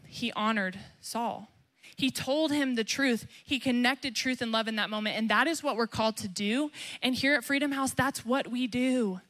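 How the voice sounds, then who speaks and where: A young woman pastor preaching a sermon emphatically, acting out quotes as she goes. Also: sharp tone. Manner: emphatic, acts out quotes with rising pitch.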